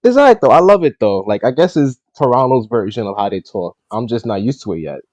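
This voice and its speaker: A man's voice: mid-range voice, very animated, fast, darkish tone, no echo, muffled recording. A man co-hosting a casual chat show, talking bluntly and jokingly. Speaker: podcast co-host.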